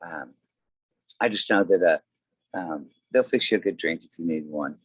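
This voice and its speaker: Low-voiced man telling rambling stories. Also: normal speed, slightly rough, dry recording, low-quality recording. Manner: rambling storyteller, many fillers. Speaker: guest, tribute band singer. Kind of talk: casual interview chat.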